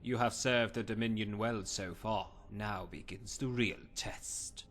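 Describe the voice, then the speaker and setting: A formal elven agent. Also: male voice, lowish voice, steady tone, unhurried, fairly bright tone. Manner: formal, commanding.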